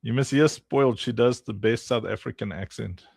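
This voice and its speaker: A man livestreams while playtesting his own game, chatting casually, teasing, laughing often, and addressing viewers by name. His medium-pitched voice is gravelly, darkish, and a bit breathy at a moderate pace, recorded with clean studio sound and no room echo.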